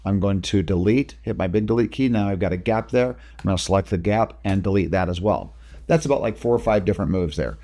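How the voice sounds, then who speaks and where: A man talking through video editing steps in a casual software tutorial, explaining each click as he goes. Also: low-pitched, a little fast. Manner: casual, talks through each step while working. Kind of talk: screen-recorded software tutorial.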